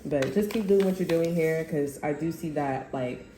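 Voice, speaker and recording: In an echoey room with slight background noise, a woman reads tarot casually, rambling, cursing, talking in slang and breaking into laughter. Her voice is low and dark-toned, at a moderate pace.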